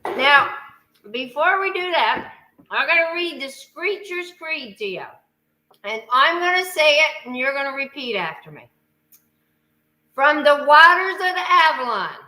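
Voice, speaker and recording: A woman with a Newfoundland accent, a lively, teasing storyteller on a video call. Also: high voice, measured pace, poor audio. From Newfoundland, Canada. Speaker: guest. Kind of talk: joking live-stream chat.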